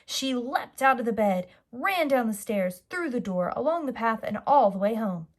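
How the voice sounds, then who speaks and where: Expressive woman reading a children's story. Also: on the high side, moderate pace. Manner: expressive, gentle, speaks directly to children. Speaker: preschool teacher reading a story. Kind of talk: children's storybook read-aloud.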